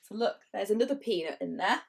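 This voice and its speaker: A woman's voice: mid-range voice, animated, fast talker, creaky. A middle-aged woman, chatting playfully as she leads a drawing lesson for children. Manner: chatty, playful, laughs often. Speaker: illustrator teaching drawing.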